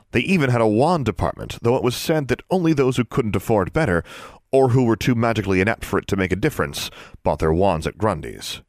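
A man narrating an audiobook in a steady storytelling manner. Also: fairly low pitch, no echo, clean studio sound. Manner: steady storytelling, switches into character voices. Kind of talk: scripted narration.

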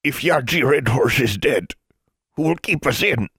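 A man reading aloud, voicing the oldest man of a frightened group, who speaks steadily and gravely despite his trembling. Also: medium pitch, animated, measured pace, a bit bright, no room sound, clean studio sound, voice pushed up, full character voice. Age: older.

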